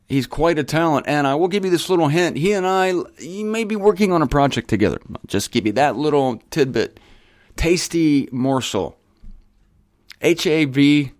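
A man's voice: a little high, no room sound, studio quality. Emphatic, rambling man teaching scripture. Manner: emphatic, digressive, talks straight to listeners; spells words out letter by letter. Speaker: Bible teacher and show host. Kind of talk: conversational Bible teaching.

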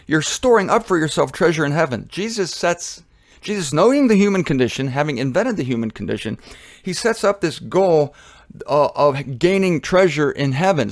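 A man giving a sermon in an animated, conversational way, often acting out voices. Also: on the high side, no echo, clean studio sound. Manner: animated, conversational, acts out quotes.

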